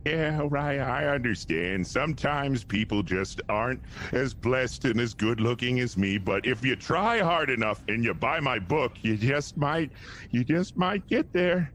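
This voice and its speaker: A man's voice: medium pitch, expressive, unhurried, fairly bright tone, slight background noise. A man voicing a vain, boastful rich male celebrity with a show-off manner. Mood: smug. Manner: self-satisfied, showy bragging. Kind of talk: tabletop role-play voice acting.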